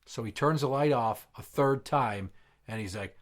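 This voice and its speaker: A man's voice: medium pitch, moderate pace. A man hosting a comedy podcast, telling crude old jokes in character as an exasperated, foul-mouthed dad. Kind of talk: comedic joke-telling skit.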